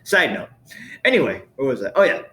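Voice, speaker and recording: A man's voice: mid-range voice, huge pitch swings, brisk, sharp tone, a little hiss or hum. A man hosting his own podcast in a studio, talking in a loose, rambling monologue and correcting himself often. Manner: rambling, self-correcting, chatty. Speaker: podcast host. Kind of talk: casual monologue. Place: recording studio with a producer.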